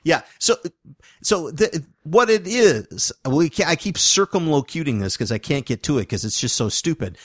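A man jokes his way through a casual podcast chat, quick with a laugh. His middle-pitched voice rises and falls with lively swings. The recording is close and dry. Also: breathy edge, dry recording. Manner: joking, animated, quick to laugh. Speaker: podcast co-host.

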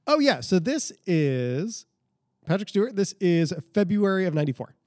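A man's voice: high-pitched, sing-song, moderate pace, darkish tone, no echo, clean studio sound. A man co-hosting a podcast in casual chat, thinking aloud and restarting his sentences as he talks. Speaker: podcast co-host.

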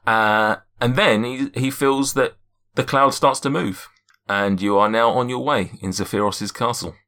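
A man's voice: mid-range voice, fairly even intonation, a little slow, a bit bright. A man narrating as game master, casual and self-mocking, often laughing at himself.

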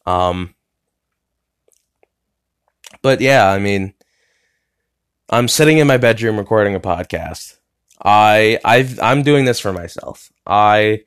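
Alone in his bedroom, a young adult American hosts his podcast, chatting casually and rambling, with frequent fillers, false starts and swearing. He has a smooth, fairly bright voice on the low side.

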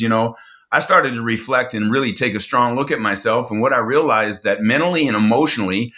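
A middle-aged man speaking as a podcast guest, with a lowish voice and a bright, forceful edge. He talks earnestly and repeats words as he restarts sentences. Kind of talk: personal storytelling.

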